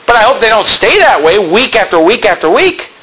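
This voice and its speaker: A man's voice: high-pitched, very animated, moderate pace, bright, forceful tone, slightly rough, poor audio. A male pastor delivering a sermon in a plain-spoken, emphatic way, full of rhetorical questions.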